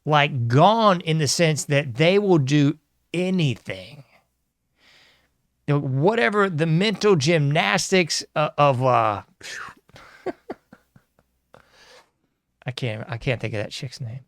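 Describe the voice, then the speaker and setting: A man's voice: on the high side, lively intonation, takes it slowly, long pauses, no echo, studio quality. A man hosting his own show, rambling and sarcastic, laughing often as he talks. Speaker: podcast host. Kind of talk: casual solo commentary.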